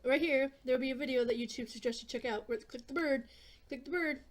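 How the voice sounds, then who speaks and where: A woman with a fairly high voice, chatting through an eating vlog. She rambles and talks offhand, with plenty of fillers and some casual swearing. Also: fast. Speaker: vlogger.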